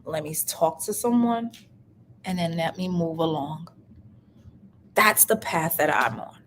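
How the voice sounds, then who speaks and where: Speaking a little slowly in a low, fairly bright voice, a young adult woman hosts a live love-and-life chat, with a slight hiss or hum present. She's passionate and teary, and she often repeats phrases to stress them in this emotional live-stream conversation.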